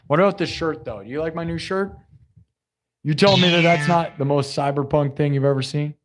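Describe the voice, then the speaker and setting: A hoarse young man streaming live after hours of yelling. He gushes thanks to his viewers in a casual, effusive ramble. He jumps between loud hype and quiet asides. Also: fairly high pitch, fairly quick, music in the background. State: sore throat from yelling.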